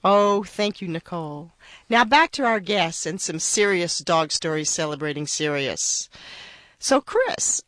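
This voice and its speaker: Chatty radio host, really animated voice, dry studio sound. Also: mid-range voice, no echo. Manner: enthusiastic and chatty. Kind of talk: radio show hosting.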